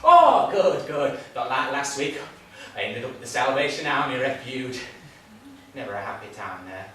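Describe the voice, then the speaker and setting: A man's voice: medium pitch, sing-song, moderate pace, a bit bright, far from the mic. An actor playing a cheery, muddled, forgetful man who rambles and repeats himself. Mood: befuddled. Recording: echoey room from afar, noisy.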